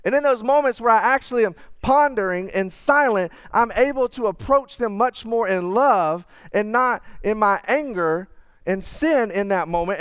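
Man, 30s, pastor, earnest conversational sermon, high voice, dry close sound. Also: animated, moderate pace, clear, resonant tone, no echo. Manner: conversational, earnest, drops to quiet asides.

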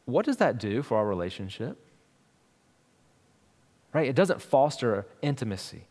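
Pastor preaching in a reverberant hall. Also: male voice, mid-range voice, big pitch swings, measured pace, long pauses, darkish tone. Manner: conversational, storytelling with many restarts and fillers. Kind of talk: sermon.

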